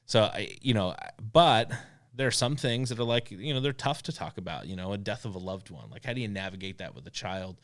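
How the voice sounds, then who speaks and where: A man's voice: lowish voice, animated, fairly quick. A man in his thirties co-hosting a studio talk show, rambling with many fillers and restarts. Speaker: co-host. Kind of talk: casual talk show chat. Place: radio studio.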